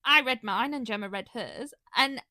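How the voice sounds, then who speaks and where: Bright, high-voiced chatty woman. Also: moderate pace, no echo, clean studio sound. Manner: gushing, animated storytelling with quoted reactions. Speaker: podcast co-host. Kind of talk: casual chat.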